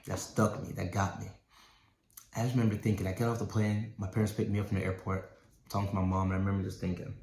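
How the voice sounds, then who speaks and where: A man's voice: low voice, level tone, fast, warm tone, slight background noise. Man telling a story in an echoey hall. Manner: personal storytelling, acts out dialogue. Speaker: keynote speaker, doctor. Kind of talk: storytelling keynote speech.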